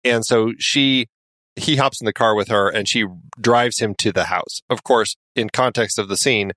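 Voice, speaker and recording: A man co-hosting a podcast, relaxed in casual film chat, recapping scenes and laughing along. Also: on the low side, normal speed, dry recording, clean studio sound. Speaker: podcast co-host.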